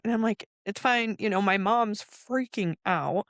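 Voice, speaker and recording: A woman's voice: medium pitch, moderate pace, no echo. A woman in her forties, a podcast guest, telling her story in casual chat, candid and emotional, acting out the voices of people she quotes.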